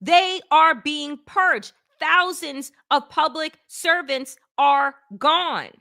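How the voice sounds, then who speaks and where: Woman political show host, blunt and sarcastic, high lively voice, unhurried. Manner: emphatic, blunt, sarcastic, swears freely. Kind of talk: opinionated political commentary.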